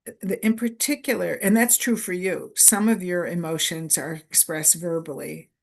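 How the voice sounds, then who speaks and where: A woman presenter giving a conference lecture in a deliberate way, repeating key phrases in short lists for emphasis. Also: lowish voice, fairly even intonation, vocal fry. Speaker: workshop presenter.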